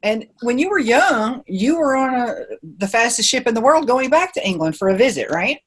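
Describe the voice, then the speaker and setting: A woman's voice: a little high, moderate pace, slightly rough, rough recording. A woman hosting an interview podcast, asking questions in a friendly, inquisitive way. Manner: friendly, lively greeting, inquisitive. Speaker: podcast host.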